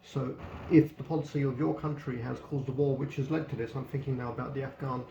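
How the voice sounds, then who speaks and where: A man's voice: mid-range voice, steady tone, quick pace, gravelly, mellow, highs cut off. A man giving a casual spoken book review, blunt and opinionated, swearing freely. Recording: echoey room with faint background noise.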